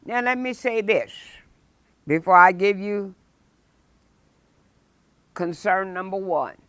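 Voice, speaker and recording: Preaching at a midweek Bible study, a woman pastor reads scripture with dramatic force and stretches out key phrases with deliberate emphasis. Her medium-pitched voice is animated and fairly bright, and there's no echo.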